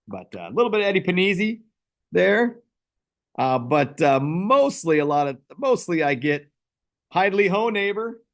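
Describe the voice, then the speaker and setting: A man hosting a casual fantasy football league recap, rambling and self-deprecating. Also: mid-range voice.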